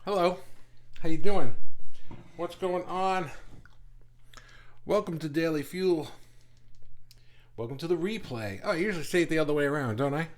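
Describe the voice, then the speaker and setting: A man's voice: a little high, moderate pace, pauses often. A man hosting a casual live stream, greeting viewers and reading comments in a playful, teasing way while talking around a mint in his mouth.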